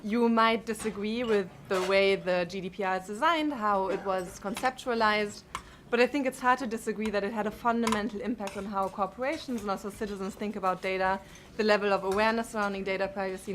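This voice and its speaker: A woman with a German accent speaking at a conference, measured and full of ums and uhs. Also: mid-range voice, steady tone, background noise. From Europe. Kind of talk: conference talk.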